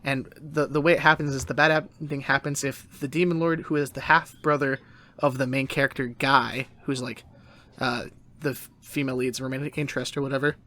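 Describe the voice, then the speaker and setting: A man's voice: medium pitch, a little fast. A man hosting a casual podcast, retelling an anime episode with goofy put-on voices. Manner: animated retelling with silly voices. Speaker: podcast host.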